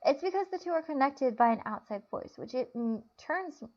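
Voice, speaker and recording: A woman's voice: high voice, animated, moderate pace, a little mellow. A woman voicing a blunt, bossy floating girl spirit in a story reading, on a dull lo-fi recording. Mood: explaining.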